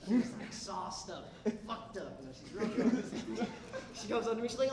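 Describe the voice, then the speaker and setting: A man's voice: high voice, expressive, fast, recorded from a distance. A young man doing a stand-up comedy set in a club, telling a rambling story with restarts and asides. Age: young adult. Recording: echoey club with laughing crowd. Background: audience laughter.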